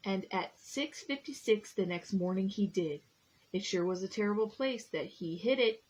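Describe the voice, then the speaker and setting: A woman's voice: medium pitch, moderate pace, husky. A woman reading a picture book aloud to preschool children and asking them questions along the way. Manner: animated, asks the children questions. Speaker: preschool story time reader.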